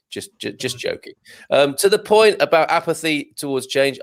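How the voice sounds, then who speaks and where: Male host, gravelly tone, dry close sound, casual and chatty, reads comments with off-the-cuff asides. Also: medium pitch, dry recording. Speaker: show host reading viewer comments. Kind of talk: casual live-stream chat.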